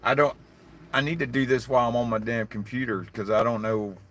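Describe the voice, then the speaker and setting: A man's voice: medium pitch, a little fast, a bit bright. A man with a Southern hillbilly accent, chatting casually and profanely to his live-stream viewers. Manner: profane, blunt, rambling. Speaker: livestreaming vlogger.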